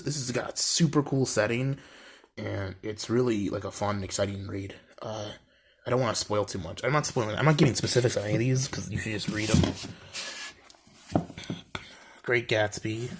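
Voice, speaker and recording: A man's voice: on the low side, husky. A young man chatting casually at home, rambling with lots of fillers and wry asides. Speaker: vlogger showing his book collection. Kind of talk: casual chat. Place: home room with bookshelves.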